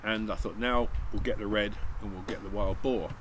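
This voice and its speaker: Speaking at normal speed with a lowish, slightly bright voice and fairly flat intonation, a man rambles through a hunting anecdote as the channel's host. He acts out dialogue and keeps restarting. The low-quality recording carries slight background noise.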